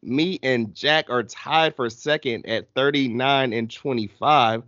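A man hosting a casual sports podcast with friends, reading through rankings in a steady way. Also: medium pitch, no room sound, lo-fi sound. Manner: slow, listing rankings in a steady read. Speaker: podcast host.

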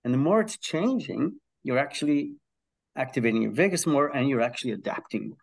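Podcast guest, male professor, gravelly texture, lots of "um" hesitations, eager explainer. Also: medium pitch, lively intonation, a little fast. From Israel. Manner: enthusiastic, uses analogies, frequent hesitations. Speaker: guest, health psychology professor. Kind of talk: conversational explanation.

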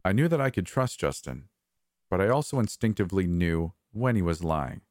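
A man reading a first-person horror story in a measured, somber way. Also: low voice, big pitch swings, a little mellow, no room sound, clean studio sound. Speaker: narrator. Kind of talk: scripted horror narration.

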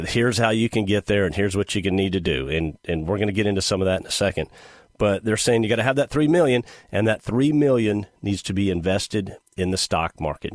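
Man, middle-aged, podcast host, sarcastic, animated, dry close sound. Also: lowish voice, no echo. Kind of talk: casual monologue.

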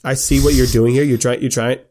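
A man's voice: medium pitch, fairly even intonation, brisk, darkish tone, close to an everyday voice. A man voicing a resentful young male mobster son who makes bitter accusations.

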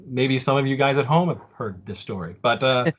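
A man's voice: medium pitch, lively intonation, fairly quick, lo-fi sound. A man in his forties on a casual podcast, telling a story with lots of fillers and restarts. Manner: rambling, with many fillers and restarts.

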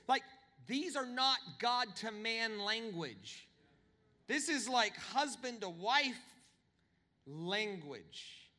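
A man preaching a sermon, telling humorous stories with animated, swinging delivery. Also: big-room sound. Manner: animated, humorous storytelling with big pitch swings. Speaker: pastor.

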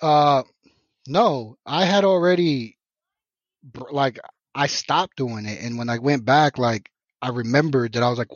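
A man's voice: medium pitch, measured pace, no room sound. Podcast guest, man from Mexico, loose and profane storyteller, dry lo-fi podcast audio. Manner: profane, rambling, animated retelling with many restarts. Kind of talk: casual storytelling.

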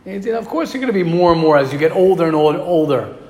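A man's voice: on the high side, expressive, racing, darkish tone. A man giving a Torah class to young students, emphatic and repeating key phrases, mixing in Hebrew and Yiddish terms. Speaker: Torah teacher. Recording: echoey hall.

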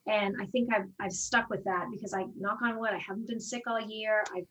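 Heard from a distance on a rough recording, this woman speaks briskly at a medium pitch. She teaches fitness classes and, in a relaxed interview, tells lively stories, playing out each quoted conversation herself.

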